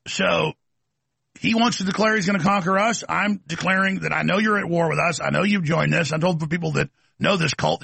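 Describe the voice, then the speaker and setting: A man's voice: fairly high pitch, gravelly, pushed and bright, slightly rough, no room sound. A man hosting a talk show, delivering an aggressive, mocking rant. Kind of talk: combative talk show monologue.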